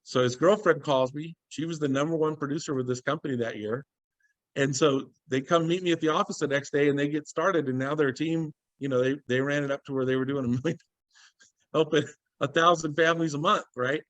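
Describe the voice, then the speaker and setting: A man's voice: on the high side, brisk, no room sound. A man speaking as a guest on a video call, telling a story with energy and acting out what people said. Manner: animated storyteller, acts out quoted dialogue.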